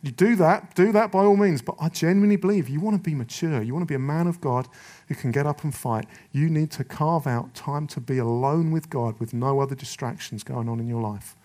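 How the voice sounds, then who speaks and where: A middle-aged man preaching a rallying sermon to men, forceful and urgent, slipping into little voices to act out excuses. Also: a little high, brisk.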